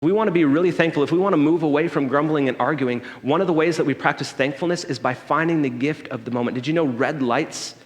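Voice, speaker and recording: Man, pastor, conversational sermon, asks the room "okay?", slightly high voice. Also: fast, few pauses. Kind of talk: sermon with personal story. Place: church sanctuary. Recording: long hall reverb.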